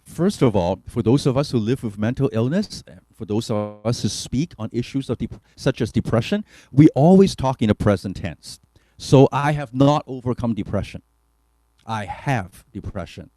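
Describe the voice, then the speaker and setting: A man's voice: mid-range voice, animated, normal speed, dark tone, no echo. A man, a pastor giving an earnest, reflective testimony talk with hesitant fillers. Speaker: pastor and keynote speaker.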